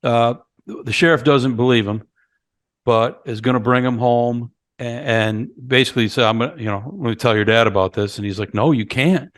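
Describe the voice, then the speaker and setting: A man's voice: medium pitch, steady tone, moderate pace, a bit bright, no echo, studio quality. Male podcast co-host, conversational, retells plot beat by beat, quotes lines in character. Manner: retells scenes, acting out lines. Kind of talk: casual movie review chat.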